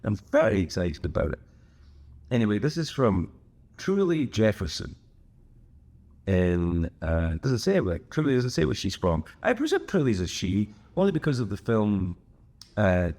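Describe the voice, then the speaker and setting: A man's voice: deep voice, a little mellow. A man hosting a podcast, talking on his own in a casual, rambling way full of wry asides and digressions. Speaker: podcast host. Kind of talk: casual solo chat.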